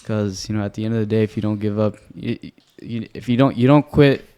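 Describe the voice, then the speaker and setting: A man talking as a guest on a podcast about sales, relaxed and hesitant, with many fillers. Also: fairly low pitch, a little fast, smooth, lo-fi sound. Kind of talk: casual podcast chat.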